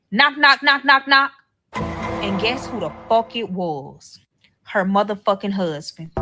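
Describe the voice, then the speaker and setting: A woman's voice: mid-range voice, low-quality recording. A woman telling a personal story in a casual, profane way, acting out each quoted line with animation.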